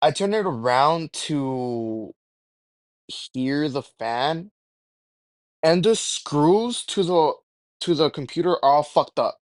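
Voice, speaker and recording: A man's voice: fairly high pitch, animated, slow pace, no room sound. A young man telling a rambling, profane storytime with jokey exaggerations. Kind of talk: casual storytime rant.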